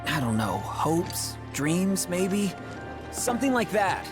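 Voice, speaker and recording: A man's voice: high voice, big pitch swings, slow pace, full character voice. An actor playing a hopeful, earnest young male soldier, giving an encouraging, breezy pep talk in a game cutscene. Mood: earnest upbeat. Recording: game cutscene audio with music behind. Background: music.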